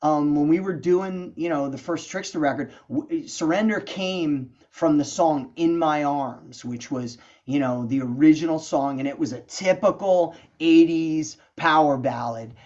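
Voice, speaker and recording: A middle-aged man, a guest songwriter, telling stories in a casual interview, chatty and animated, filling his talk with "you know" and "man". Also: fairly high pitch, unhurried, hardly any pauses. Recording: dull lo-fi sound.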